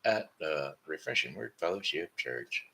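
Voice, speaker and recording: With an extremely low, sharp-toned voice and lively intonation, this tired man rambles unhurriedly through his daily home broadcast. He's from Missouri, sounds sleepy, and keeps repeating words and correcting himself in a casual monologue.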